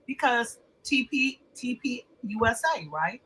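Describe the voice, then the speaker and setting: A woman co-hosting a casual podcast, talking in a high, sharp, ringing voice. She is profane and worked up, and her points often rise into loud outbursts. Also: expressive, a little slow, a little hiss or hum, poor audio. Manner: profane, emphatic and fired-up. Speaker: podcast co-host. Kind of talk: casual chat.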